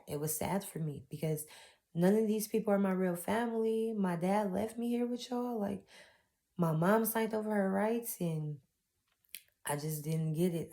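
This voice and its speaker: A woman's voice: fairly low pitch, dark tone. A young woman, telling her own painful story in a raw, heartfelt testimony. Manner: raw, heartfelt, with Southern-style casual grammar. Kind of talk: emotional personal testimony.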